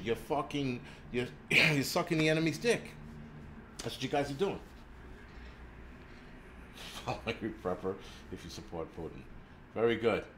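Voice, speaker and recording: A man on a livestream from a city home, crude and combative, swearing constantly as he rants to his viewers. His voice sits at a middling pitch, with a faint hum of room noise behind him. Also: fairly bright tone. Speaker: host of a prepping channel. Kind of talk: profane livestream rant. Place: indoors in a city.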